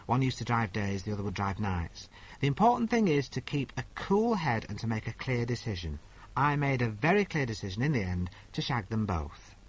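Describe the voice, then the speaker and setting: A man playing a husky, bawdy agony aunt. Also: medium pitch, sing-song, brisk, low-quality recording. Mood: brassy. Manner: blunt, bawdy, mock-sincere. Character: brassy crude woman agony aunt. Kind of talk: comedy sketch, reading letters.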